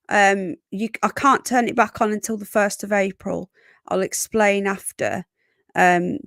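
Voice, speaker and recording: A woman hosting a casual live stream, a bit croaky, chatting and greeting viewers by name with endearments like darling and sweetheart. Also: mid-range voice, dry recording, clean studio sound. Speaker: livestream host.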